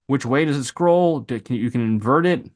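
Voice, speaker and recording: A man teaching video editing software, thinking aloud as he clicks through presets, with loose asides and exclamations. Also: medium pitch, moderate pace. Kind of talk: screen-recorded software tutorial.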